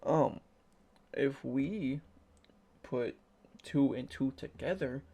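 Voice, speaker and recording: A man's voice: medium pitch, slow pace, vocal fry, long pauses, dark tone. A tired man giving casual, sarcastic and profane reaction commentary, rambling as he goes. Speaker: YouTuber reacting to videos.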